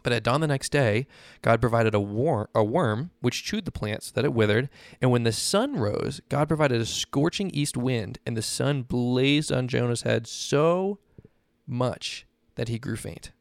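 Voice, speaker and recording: A man's voice: mid-range voice, expressive, measured pace, vocal fry, dry recording, studio quality. A man hosting a podcast, talking through a Bible passage in a casual teaching style, often checking in with "right?". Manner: conversational, often adds "right?". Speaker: podcast host.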